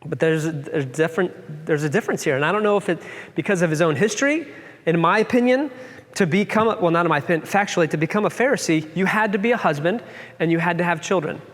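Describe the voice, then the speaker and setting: A man with a notably high voice leads a relaxed Bible discussion, thinking aloud and circling back over his words. He sounds like he is in a space with a long reverb tail. He keeps asking open questions as he works through his ideas. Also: fast talker. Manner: musing, thinks aloud with many restarts.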